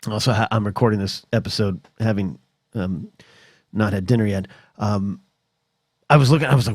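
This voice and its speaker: An American man hosting a solo podcast, rambling in an animated comedic rant that is full of restarts, swearing and mock voices. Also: fairly low pitch, moderate pace, breathy edge, no echo, studio quality. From United States.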